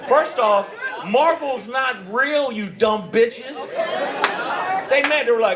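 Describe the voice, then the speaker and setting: Brash high-voiced stand-up comic. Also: male voice, expressive, noisy background. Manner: brash, profane, mocking voices in quick bits. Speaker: stand-up comedian. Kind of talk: stand-up comedy set. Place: comedy club stage. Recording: live club with loud crowd laughter.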